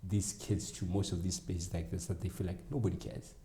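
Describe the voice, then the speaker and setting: A man's voice: sits low, level tone, a little fast, warm tone, echoey room. A man speaking as a guest educator in a conversational interview, earnest and acting out conversations with students. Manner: earnest, acts out dialogue with kids. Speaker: guest, educator and tutoring business owner.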